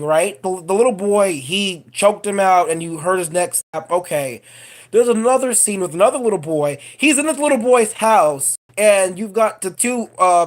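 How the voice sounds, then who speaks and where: A woman vlogger talks straight to camera in a casual film review rant. She is animated and profane, and her thoughts wander off on tangents as she goes. Her voice sits in an ordinary middle pitch.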